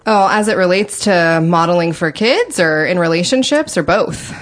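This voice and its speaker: A woman mental health counselor, a podcast guest, explaining calmly and in measured terms, with hesitant ums. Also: fairly low pitch. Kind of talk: explanatory interview answers.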